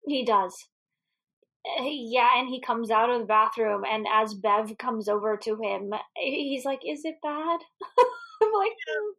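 A woman's voice: on the high side, lively intonation, unhurried, fairly bright tone. A woman co-hosting a podcast, chatting casually about a movie, laughing often and swearing freely. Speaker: podcast co-host. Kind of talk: casual movie recap chat.

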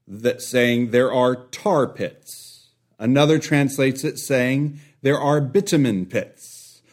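A man with children preaching a sermon, deliberate, pausing for effect and dropping to a hush on key words. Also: mid-range voice. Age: young adult or middle-aged, a father. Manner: deliberate, with long dramatic pauses and drops to a hush.

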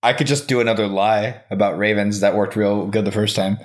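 Low-voiced man, playful and teasing. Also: steady tone, fairly quick. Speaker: podcast guest. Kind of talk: casual chat.

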